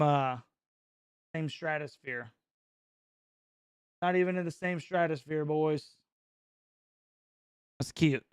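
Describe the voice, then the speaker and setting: A middle-aged man from North Carolina hosting a casual live reaction stream, joking and mocking his chat with excitable banter. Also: a little high, smooth, no room sound, clean studio sound.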